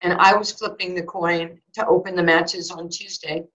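A woman in her sixties, a former basketball player and broadcaster, telling a personal story in an interview, animated and acting out both sides of conversations. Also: on the low side, normal speed. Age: 60s. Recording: slightly dull lo-fi audio.

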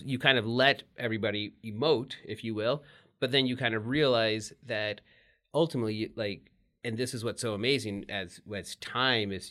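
A middle-aged American man, a guest telling candid personal stories in an animated way, laughing often and restarting his sentences. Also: fairly low pitch. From United States.

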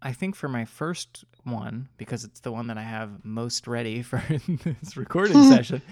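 A man's voice: medium pitch, lively intonation, normal speed, warm tone, dry recording, studio quality. A man co-hosting a podcast, telling a story in a rambling, self-deprecating way, laughing often and tripping over his words. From Maryland. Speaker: podcast co-host. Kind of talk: casual storytelling chat.

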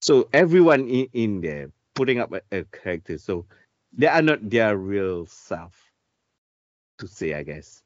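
A man with a low, lively voice muses hesitantly on a podcast, padding his thoughts with fillers. His pitch moves a lot. The sound is dull and dry. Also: a little slow, no room sound. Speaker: podcast co-host. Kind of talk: casual podcast chat.

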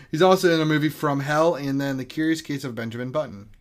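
A man's voice: on the high side, brisk. A man hosting a podcast, chatting casually and stumbling over names as he reads out film credits. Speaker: podcast host. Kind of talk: casual chat.

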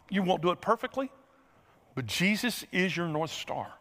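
A middle-aged man preaching a sermon, telling a folksy story and acting out the scenes with lively energy. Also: high voice, normal speed. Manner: folksy, animated storyteller who acts out scenes. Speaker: pastor. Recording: reverberant large hall.

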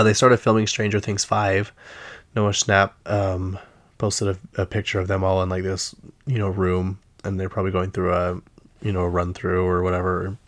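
Man with a Utah accent, lowish voice, casual rambling host. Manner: chatty, exasperated, lots of fillers. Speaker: podcast host. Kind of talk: casual pop-culture chat.

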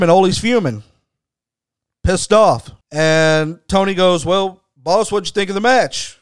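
A man's voice: sits high, smooth, no room sound. A man hosting a podcast, telling a wrestling story in a blunt, emphatic way and swearing freely. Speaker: podcast host. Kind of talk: storytelling commentary.

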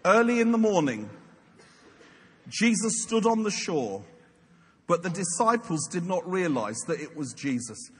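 A man's voice: sits high, sing-song, unhurried, pauses often, slightly rough. A man preaching a sermon in a playful, jokey storytelling way. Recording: long hall reverb, faint noise.

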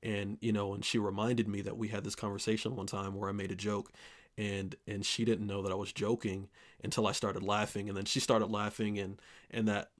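A man's voice: fairly low pitch, flat delivery, a little fast. A man casually telling a personal story, earnestly acting out the dialogue in his own voice, with restarts and wry laughs along the way. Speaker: storyteller recounting a personal experience.

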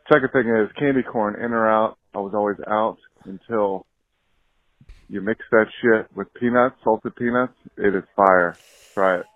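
Brisk low-voiced caller on a tinny phone line. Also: male voice, no room sound. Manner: brisk, friendly, rattles off points. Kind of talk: voicemail to a podcast.

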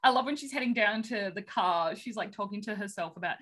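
A woman co-hosting a podcast and recapping a film in casual chat. Her voice sits at a middle pitch with a bright, forceful edge. She rambles and giggles often and fills her pauses with lots of "um"s. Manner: chatty, rambling, giggly, many fillers. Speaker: podcast co-host.

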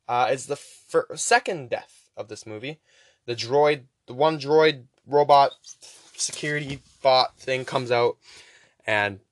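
A young man hosting a podcast, casually rambling through a movie recap with profanity and quick voice impressions. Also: mid-range voice, no room sound, clean studio sound. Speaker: podcast host.

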